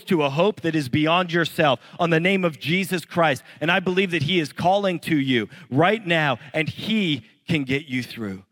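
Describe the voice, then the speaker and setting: A man's voice: on the high side, normal speed, few pauses, fairly bright tone, no room sound, long reverb tail. A young adult male pastor preaching a sermon in church, telling stories earnestly and rising to pleading intensity. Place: church hall with congregation.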